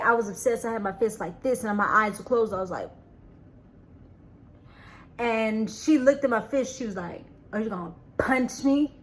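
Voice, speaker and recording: A woman telling a personal story to camera, halting and earnest, repeating words and restarting sentences, often trailing off quietly. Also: a little high. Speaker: vlogger.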